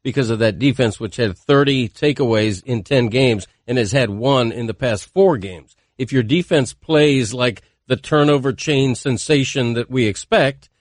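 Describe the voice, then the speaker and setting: Columnist guest, male, measured and methodical, dry studio sound. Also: medium pitch, dry recording. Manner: measured, explanatory, makes points methodically. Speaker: newspaper columnist on radio. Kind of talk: casual sports talk. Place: radio studio.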